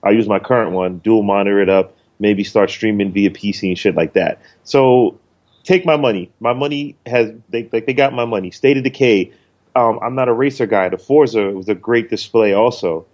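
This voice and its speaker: Male co-host, lowish voice, rambling casual talker, slightly muffled lo-fi audio. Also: moderate pace, a little mellow. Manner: loose and rambling, with frequent ums and swearing. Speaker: podcast co-host. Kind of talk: casual podcast discussion.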